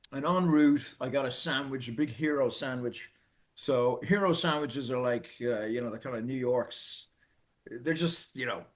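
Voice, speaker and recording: A middle-aged Irish man telling a personal story in an earnest, halting way, restarting and repeating phrases for emphasis. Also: medium pitch. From Ireland. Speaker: speaker telling his own story.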